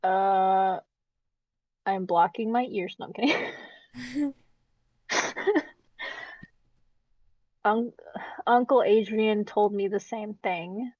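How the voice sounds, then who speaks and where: A woman's voice: medium pitch, extremely slow, pauses often, a little mellow, no room sound, lo-fi sound. A woman playing a tabletop game, giggly and teasing. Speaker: player. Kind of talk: casual play at a tabletop game.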